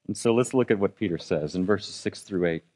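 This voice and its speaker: Male pastor, conversational sermon delivery, engages the congregation, rises and drops in pitch. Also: brisk, darkish tone. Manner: conversational preaching with congregation questions; fillers and restarts, dynamic pitch and volume.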